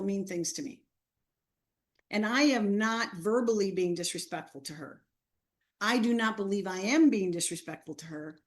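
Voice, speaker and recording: A woman presenting an online training seminar, her pitch sitting in the middle range. She tells a classroom story with animated acted-out quotes.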